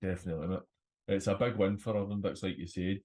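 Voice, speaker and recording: Scottish results-show host, low voice, laid-back delivery, lots of ums. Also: male voice, quick pace, rough recording. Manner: relaxed, runs through results with fillers. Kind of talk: football results round-up.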